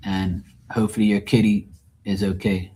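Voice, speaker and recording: A man's voice: lowish voice, level tone, moderate pace, dark tone. A man hosting a live tarot stream, chatting casually with viewers in a blunt, profane, rambling way. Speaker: tarot reader and livestream host. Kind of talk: casual livestream chat with viewers.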